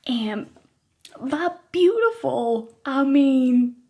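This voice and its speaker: A woman in her thirties tells a comedic personal story straight to her viewers. She speaks with a mid-range pitch that swings widely and playfully, and she laughs often between lines. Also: animated, a little slow, loud music behind the voice. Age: 30s. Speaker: vlogger.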